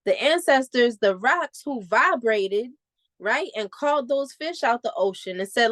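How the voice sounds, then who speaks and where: A woman speaking in an animated, preacherly way on a panel, repeating tag questions. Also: on the high side, unhurried, no room sound, clean studio sound. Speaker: conference panelist. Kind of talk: preaching-style panel talk.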